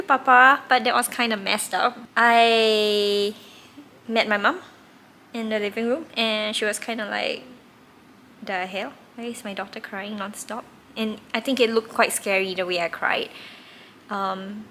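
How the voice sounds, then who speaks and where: A woman's voice: medium pitch, sharp tone, a little hiss or hum. A woman, candidly telling a personal story in a reflective way, with occasional laughs. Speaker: tarot reader recounting her past.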